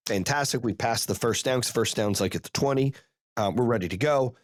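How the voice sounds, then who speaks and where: A man hosting a podcast, telling a story in a casual, profane, animated way and rattling off rapid play-by-play. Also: mid-range voice, no echo, clean studio sound. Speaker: podcast host.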